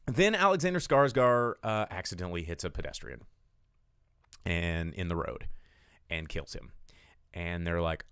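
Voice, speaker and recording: A man's voice: sits low, fairly bright tone, smooth, dry recording, clean studio sound. A man hosting a show, casually recapping a film plot in a rambling, irreverent way with some swearing. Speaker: podcast host. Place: home studio.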